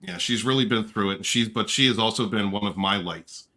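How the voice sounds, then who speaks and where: Bright-voiced, effusive male livestream host. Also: on the low side, fairly quick. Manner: effusive, affectionate shout-outs to chat viewers; playful flirting and joking. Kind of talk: casual livestream chat.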